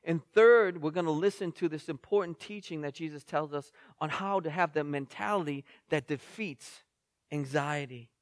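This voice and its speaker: High-voiced preacher man, dry close sound. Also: moderate pace, dry recording. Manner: storytelling preacher, rising in intensity. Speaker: pastor. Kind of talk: sermon.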